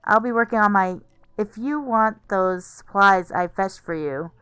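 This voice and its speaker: A brisk, no-nonsense game villager giving orders, as a woman reads the lines aloud. The voice is smooth and slow, recorded dry. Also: mid-range voice, fairly bright tone, no echo, natural voice. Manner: curt, businesslike. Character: brisk villager handing out chores.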